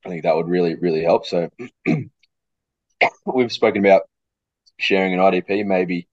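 A man, a coach speaking as a podcast guest, thoughtful and pausing to repeat words, with a cough. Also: low voice, no room sound, highs cut off. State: coughing fit. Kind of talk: casual interview chat.

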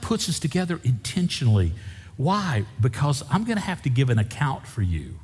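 Husky pastor preaching in a reverberant hall. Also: male voice, mid-range voice, huge pitch swings, fairly quick, darkish tone. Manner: folksy, emphatic preaching with repetition. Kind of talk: sermon. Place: church sanctuary. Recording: long reverb of a church hall.

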